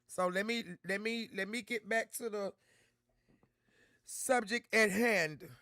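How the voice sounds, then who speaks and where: A man hosting a livestream, talking straight to his chat viewers and repeating himself to make points clear. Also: high-pitched, steady tone, takes it slowly, bright, forceful tone, no echo, studio quality. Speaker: livestream host.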